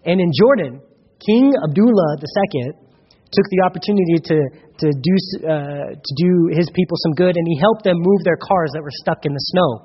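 Husky-voiced pastor preaching in a hall. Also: male voice, a little high, fairly quick. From Colorado. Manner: conversational, humorous storytelling with acted-out dialogue. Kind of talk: sermon. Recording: dull recording with long hall reverb.

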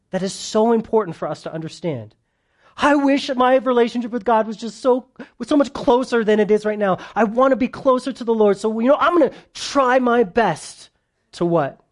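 High-voiced male preacher, animated and playful, leading a verse-by-verse sermon before a live congregation. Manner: animated, joking with the congregation, swings between loud and soft. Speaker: pastor. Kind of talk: sermon, verse-by-verse Bible teaching.

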